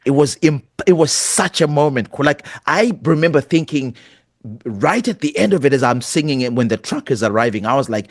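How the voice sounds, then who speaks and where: A man's voice: medium pitch, lively intonation, normal speed, no echo, clean studio sound. Earnest middle-aged male pastor storyteller. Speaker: pastor and guest. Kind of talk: storytelling interview.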